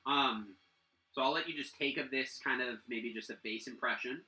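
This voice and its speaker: A man's voice: mid-range voice, normal speed, sharp tone, echoey room, rough recording. A man narrating a tabletop game as game master, rambling with many fillers and restarts.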